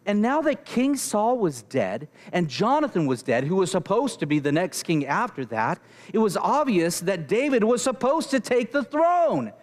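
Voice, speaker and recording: A male pastor retelling a Bible story in an animated sermon, often checking in with the congregation. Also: high voice.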